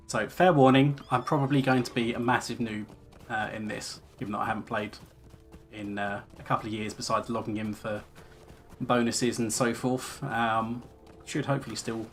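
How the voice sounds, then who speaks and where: This streamer's voice is on the low side and his speed is normal, with faint music in the background. Chatting loosely as he plays, he reads quest text aloud and rambles along with lots of fillers in casual let's-play commentary.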